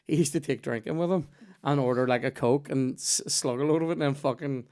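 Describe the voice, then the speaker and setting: A young Belfast man chatting on his podcast, full of swearing and loose, rambling stories. His voice is smooth and resonant, with a pitch in the middle of the range. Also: fairly quick, a little mellow. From Northern Ireland. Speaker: podcast host. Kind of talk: casual chat.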